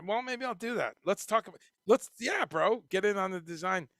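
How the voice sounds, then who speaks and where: A man hosting a casual livestream, reading chat comments and talking in a profane, animated way. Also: high voice, normal speed, dry recording, clean studio sound. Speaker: livestream host.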